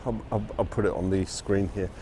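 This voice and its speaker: A man's voice: sits low, steady tone, a little fast, mellow, a little hiss or hum. A man narrating a casual walking vlog outdoors on city streets. He talks in a chatty way and chuckles often. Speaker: vlogger touring film locations.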